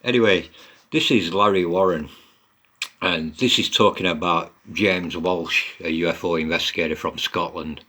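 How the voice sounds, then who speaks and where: A man's voice: low voice, steady tone, moderate pace, sharp tone. A man giving blunt, mocking commentary on online posts, swearing a lot as he goes.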